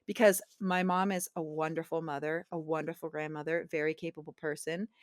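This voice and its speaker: Animated woman telling a personal story. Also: low voice, a little fast, dry recording, clean studio sound. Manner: animated, acts out quoted dialogue. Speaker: podcast guest.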